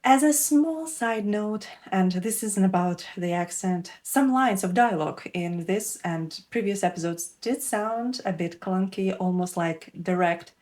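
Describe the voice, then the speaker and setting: Her mid-range, darkish voice moves unhurriedly with few pauses as she delivers a scripted video essay reviewing a show. She is from Russia, a native Russian speaker who reviews TV shows and teaches English, and she sounds wry, candid and enthusiastic.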